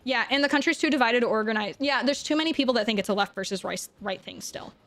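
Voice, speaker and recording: A woman live streamer in casual chat, answering viewer comments in quick bursts. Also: on the high side, soft background music. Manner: soft baby talk to her dog.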